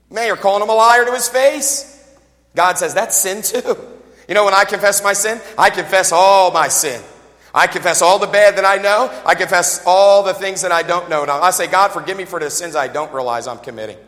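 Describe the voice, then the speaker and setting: A middle-aged male pastor preaching a sermon, animated, with jokes, asides and voices he quotes. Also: high-pitched, long reverb tail. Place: church.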